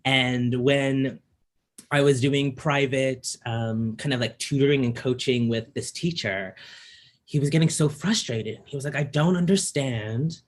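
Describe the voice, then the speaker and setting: Man with a slight lisp and rasp. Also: mid-range voice, unhurried. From Canada. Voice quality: slightly raspy. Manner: reflective, personal storytelling with frequent ums. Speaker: performance artist in conversation. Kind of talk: casual conversation.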